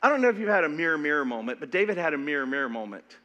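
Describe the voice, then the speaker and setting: A middle-aged pastor preaching a sermon in an animated, emphatic way, often stumbling and repeating words as he goes. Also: a little high, very fast, muffled recording.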